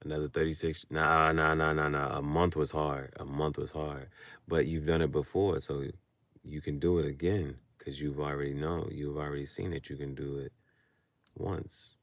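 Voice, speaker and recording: A man in a casual late-night monologue who talks animatedly and laughs often, moving between low mutters and loud outbursts. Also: level tone, moderate pace, no room sound. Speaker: vlogger.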